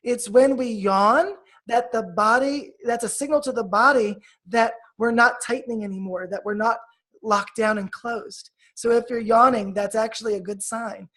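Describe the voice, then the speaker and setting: A woman healer guest who leads a guided meditation and explains energy work in a soft, measured, coaching tone. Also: fairly high pitch, fairly even intonation.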